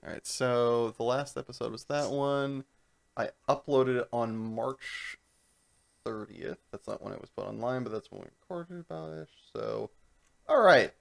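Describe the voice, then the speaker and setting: A young man co-hosting a podcast, telling a long story in casual chat, animated and laughing as he goes. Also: medium pitch, a little slow, creaky. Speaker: podcast co-host.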